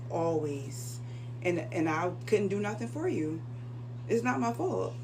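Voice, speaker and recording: A woman's voice: on the low side, big pitch swings, a little slow, a little mellow, slight background noise. Woman, storytime vlog, emotional, chatty, repeats lines for emphasis. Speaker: vlogger telling her own story. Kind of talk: casual storytime monologue.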